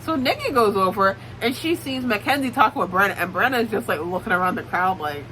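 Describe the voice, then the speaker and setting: A woman's voice: medium pitch, animated, a little fast, few pauses, sharp tone, slight background noise, low-quality recording. A young woman giving a casual, blunt, swear-heavy recap of a book series. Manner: blunt, profane, joking commentary. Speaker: book YouTuber.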